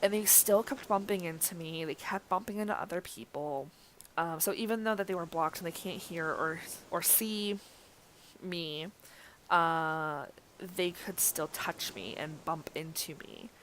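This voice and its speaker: Young woman vlogger, casual anecdote, lowish pitch, faint room ambience. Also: measured pace, a bit bright, a little hiss or hum. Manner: chatty, many fillers and laughs. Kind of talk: casual storytelling vlog.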